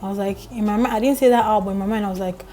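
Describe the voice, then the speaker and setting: A young Nigerian woman vlogger telling a story in lively, emphatic casual chat. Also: medium pitch, very fast, soft background music, rough recording.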